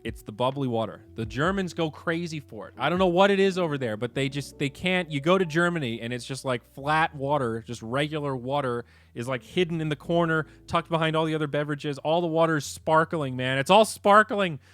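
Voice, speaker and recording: Animated swearing male streamer. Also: fairly quick, few pauses. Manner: animated, swearing, swings between low mutters and excited outbursts. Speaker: streamer host. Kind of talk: casual livestream chat.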